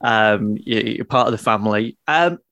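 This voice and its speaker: A man's voice: fairly low pitch, animated, moderate pace, sharp tone, dry recording, lo-fi sound. A man hosting a podcast, asking rambling, hesitant questions. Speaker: podcast host. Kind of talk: casual podcast chat.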